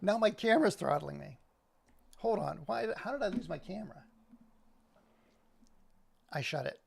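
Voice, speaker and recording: A man chatting loosely to his live stream audience, his voice gravelly with a touch of fry. He sits a little high in pitch for a man and drifts from point to point with jokey asides to viewers. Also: animated, moderate pace. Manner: rambling, talks to chat, jokey asides. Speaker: livestream host. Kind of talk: casual live stream chat.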